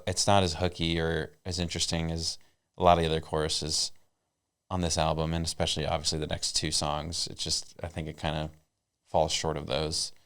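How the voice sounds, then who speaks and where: A man co-hosting a comedy podcast, giving his take in dry, teasing, unhurried casual chat. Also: sits low, smooth. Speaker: podcast co-host.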